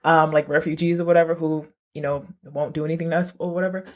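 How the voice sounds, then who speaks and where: A man's voice: a little high, little pitch movement, fast talker. A man co-hosting a casual podcast chat, rambling with many restarts. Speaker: podcast co-host.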